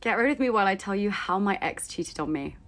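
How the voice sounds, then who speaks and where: A woman's voice: mid-range voice, lively intonation, fast, a bit bright. A woman telling a breakup story in a chatty, dramatic way. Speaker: social media storyteller. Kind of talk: casual storytime.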